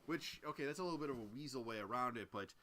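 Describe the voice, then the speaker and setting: A man co-hosting a podcast, chatting casually as he recaps and reviews a film in a rambling, animated way. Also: medium pitch, fast talker. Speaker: podcast co-host. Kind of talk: casual movie review chat.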